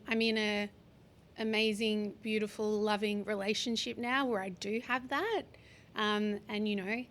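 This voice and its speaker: A woman in her forties, a podcast guest talking openly and with feeling in an interview, sometimes slowing down and swearing for emphasis. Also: mid-range voice, a bit bright, slight background noise. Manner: open, heartfelt, speaks slowly in places, occasional swearing. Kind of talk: candid interview conversation.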